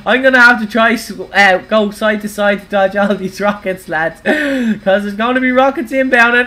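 An Irish woman livestreaming gameplay, giggling often and breaking into excited squeals and shouts. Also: fairly high pitch, normal speed. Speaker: gaming livestreamer. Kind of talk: live gameplay commentary.

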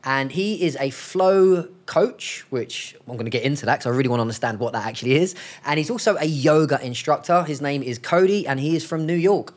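A man's voice: a little high, expressive, fairly quick, few pauses. Guy hosting a laid-back podcast, chatty, laughs a lot, says mate and bro. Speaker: podcast host. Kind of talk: casual podcast interview. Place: lives in Thailand.

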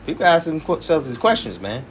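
A man's voice: fairly high pitch, very animated, moderate pace, a little hiss or hum. A man who is a church elder, preaching in an informal, emphatic, colloquial way and often tacking "man" onto his phrases. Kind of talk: informal sermon teaching.

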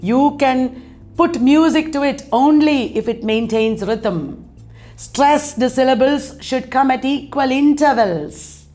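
A woman's voice: high voice, slow pace, darkish tone, soft background music. A woman teaching an exam-prep literature lecture, speaking in an emphatic way and repeating key terms.

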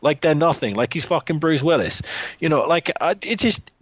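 Man, podcast co-host, lively pitch, dry close mic, blunt and sweary. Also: normal speed, no echo, highs cut off. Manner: blunt, swears freely, many restarts. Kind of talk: casual film chat.

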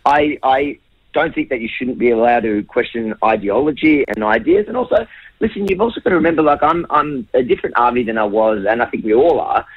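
A man's voice: medium pitch, expressive, brisk, dry recording, phone-quality sound. A man answering tough questions as a radio guest, emphatic and repeating words when pressed. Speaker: interview guest. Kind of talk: defensive radio interview answers.

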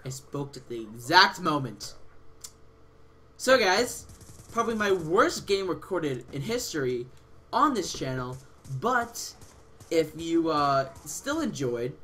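A teenage man commentating his own gameplay casually, excitable and swearing, with sudden yells at other players, on a headset mic. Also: on the high side. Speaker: gaming channel host.

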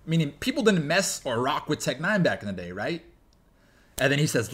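A man hosting a music reaction video, reacting excitedly and explaining rap lyrics line by line with laughs. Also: a little high, brisk. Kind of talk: casual music reaction commentary.

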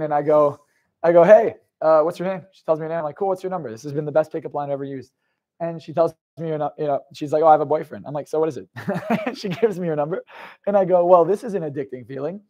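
A young adult man telling stories as a confidence coach, moving from low, confiding narration into loud, emphatic bursts and swearing freely. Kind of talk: motivational storytelling monologue.

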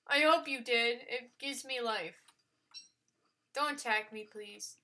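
A woman giving live gameplay commentary, excitable and gushing, with frequent exclamations and casual swearing. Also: on the high side, slow, long pauses. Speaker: let's player.

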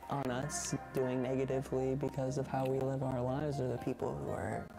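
A woman speaking calmly and reflectively in an interview clip. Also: extremely low pitch, normal speed, gravelly. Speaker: interviewee in a played social media clip. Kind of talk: earnest talking-head interview. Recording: clip with music underneath.

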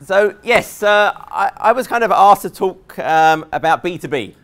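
An Englishman with an English accent giving a technical conference presentation to a live audience, joking and relaxed, with many fillers and restarts. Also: high-pitched, a little slow. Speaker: conference speaker.

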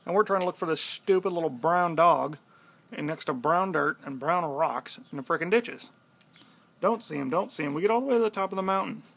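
Gravelly man telling a story. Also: fairly high pitch, brisk, slight background noise. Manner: animated, swears freely. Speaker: vlogger. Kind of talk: casual storytelling.

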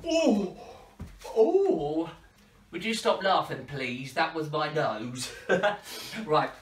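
A woman hosting an interactive children's party show, playful and animated as she coaxes the kids to join in. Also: low voice, takes it slowly, far from the mic, a little hiss or hum. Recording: echoey room, voice from off-mic.

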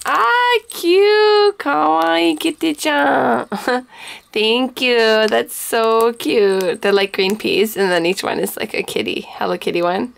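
A woman's voice: mid-range voice, steady tone, unhurried, creaky, few pauses. A woman chatting casually as she unboxes gifts on camera, gushing over each small item and sprinkling in Japanese phrases. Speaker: scrapbooking vlogger.

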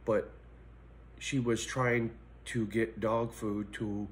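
A middle-aged man vlogging in a blunt, profane personal monologue that swings between angry ranting and quiet reflection. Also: lowish voice, little pitch movement, slow pace, a little hiss or hum.

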